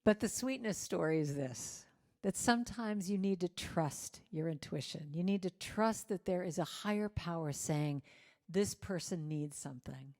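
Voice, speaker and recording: Low-voiced woman telling a sermon story. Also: moderate pace. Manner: animated storyteller acting out quoted voices. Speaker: guest speaker at a church service.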